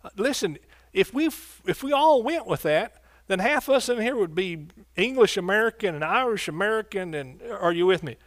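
Pastor preaching with call-and-response. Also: male voice, high voice, animated, normal speed, dry recording, studio quality. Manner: preacherly call-and-response, asks congregation questions. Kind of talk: sermon.

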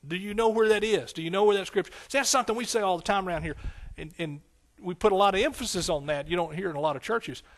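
A man's voice: high voice, fast talker. A man preaching a sermon as pastor, with emphatic, repetitive phrasing and frequent call-and-response questions to his congregation.

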